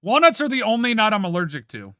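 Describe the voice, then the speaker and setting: Chatting casually with stream viewers, an Ohio man speaks quickly in a high, lively voice that swoops up and down. His bright, sharp tone carries playfully dramatic opinions, recorded close and dry with no echo.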